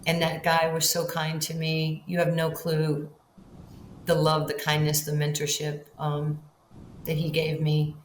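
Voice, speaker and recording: An older woman tells stories in an interview, her voice sitting fairly low. She acts out quoted lines with big swings in pitch. The sound carries an echoey room with faint ambient hiss. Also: completely flat delivery, a little slow. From Far Rockaway, Queens, New York. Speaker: guest, basketball Hall of Famer. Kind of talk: storytelling in a podcast interview.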